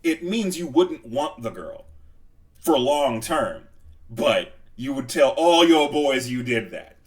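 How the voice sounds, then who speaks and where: A man's voice: mid-range voice, takes it slowly, far from the mic. A man co-hosting a casual movie podcast, telling stories with acted-out quotes and frequent laughter. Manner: animated storyteller, acts out quotes, laughs a lot. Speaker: podcast co-host. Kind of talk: casual movie review chat.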